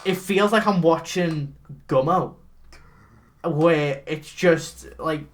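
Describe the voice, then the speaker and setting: A man with a slightly raised voice tells a movie plot to a friend with loose, excitable energy. He swears freely and keeps breaking into little character impressions. The delivery is comic and unscripted. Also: a little high, takes it slowly, slight background noise. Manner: animated, swearing, mimics characters mid-story. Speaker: podcast co-host. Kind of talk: casual comedic recap.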